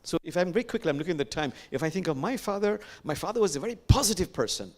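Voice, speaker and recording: An older man with a Bangladeshi accent, leading a reflective sermon as an imam and telling stories gently, with pauses and fillers. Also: high-pitched, lively intonation. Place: sanctuary.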